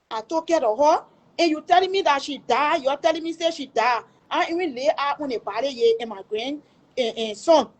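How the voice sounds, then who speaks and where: A woman with a Liberian English accent speaks in a high voice. She tells a painful family story on a livestream. She pleads with emphasis and swears before God that every word is true. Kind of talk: emotional personal testimony.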